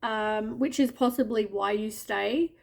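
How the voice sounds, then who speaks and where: Slow-talking woman reading tarot cards. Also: medium pitch, gravelly, a little mellow. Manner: chatty and offhand, with mild swearing and asides; addresses the listener directly as you. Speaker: tarot reader. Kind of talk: casual tarot card reading.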